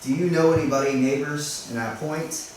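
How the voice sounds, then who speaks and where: A man's voice: a little high, normal speed, a little mellow. A man speaking casually to a small workshop group, chatty and self-deprecating, acting out doorstep conversations and often asking "right?". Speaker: realtor sharing tips at a workshop. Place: meeting room at a workshop. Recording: echoey room, speaker far from the mic, faint noise.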